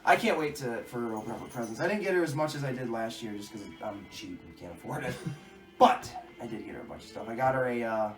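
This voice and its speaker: A young adult man co-hosting a podcast in casual, crude, joking chat, often breaking into loud mock voices. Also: mid-range voice, animated, fast talker. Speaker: podcast co-host. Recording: roomy echo, mic at a distance, faint music.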